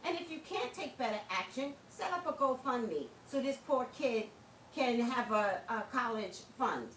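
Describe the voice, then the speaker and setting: A woman's voice: fairly high pitch, animated, a little slow, a bit bright, reverberant, distant mic, slight background noise, poor audio. A woman hosting a livestream, talking casually and passionately to her viewers, laughing often. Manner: impassioned, preachy, laughs often. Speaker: livestream host.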